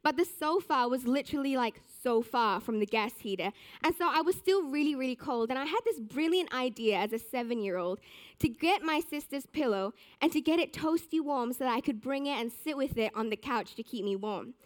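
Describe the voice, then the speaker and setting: A young woman giving a sermon, telling a personal story with animated, self-mocking humor. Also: high voice, a little fast. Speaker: church speaker.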